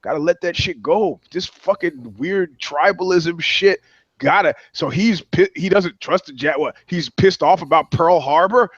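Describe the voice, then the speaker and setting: A man's voice: a little high, a little slow, breathy edge, dry recording, muffled recording. Swearing man spinning rambling stories. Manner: profane, rambling anecdotes. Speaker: guest, touring musician. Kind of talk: casual podcast chat, storytelling.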